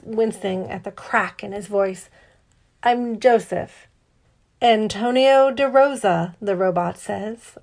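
A woman reading a novel aloud as an audiobook narrator. Her delivery is measured and lightly wry. Her voice sits at an everyday middle pitch. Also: gravelly.

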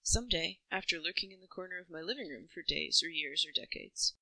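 A woman reading a first-person story in an even, reflective way, close to the mic. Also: on the low side, brisk, gravelly, no echo, rough recording. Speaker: narrator.

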